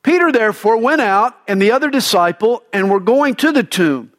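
High-voiced man preaching dramatically. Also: lively intonation, moderate pace. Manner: dramatic, emphatic preaching with wide swings in pitch and loudness. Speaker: pastor. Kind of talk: sermon.

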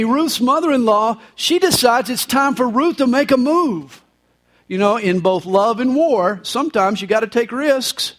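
Punning pastor with a high voice. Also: male voice, fairly bright tone. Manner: folksy punning humor. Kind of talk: sermon. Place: church service, live.

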